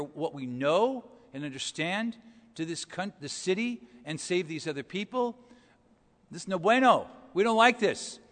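Guy preaching a bible study sermon, chatty, asks the room questions, slightly high voice, big hall echo. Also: a bit bright. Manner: expository, conversational, rhetorical questions.

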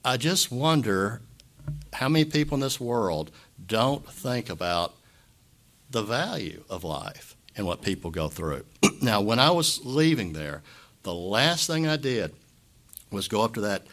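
A man pastor giving an impromptu sermon, earnest and emotional, halting often to clear his throat. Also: fairly low pitch, big pitch swings, fairly bright tone.

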